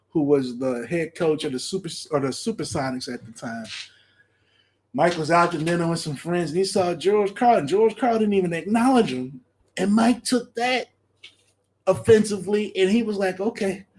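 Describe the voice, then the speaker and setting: A man hosting a podcast, chatting casually in an animated way, laughing often and repeating his phrases. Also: high voice. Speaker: podcast host. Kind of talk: casual solo commentary.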